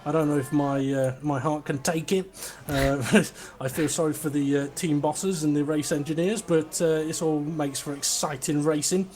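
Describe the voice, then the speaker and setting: Chatty racing co-commentator. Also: male voice, fairly high pitch, steady tone, normal speed, hardly any pauses, a little mellow. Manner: chatty, jokey, enthusiastic.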